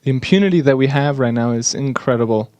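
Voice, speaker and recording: A man giving an earnest, slightly halting English voice-over interpretation of speakers at a conference. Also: mid-range voice, darkish tone, clear, resonant tone, dry recording.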